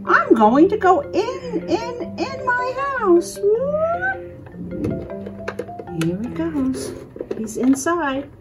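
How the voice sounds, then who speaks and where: A woman with a very high, wildly swooping voice narrates toy play for little children in an unhurried sing-song. She gasps theatrically and repeats phrases over and over. Music plays clearly underneath. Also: big pitch swings.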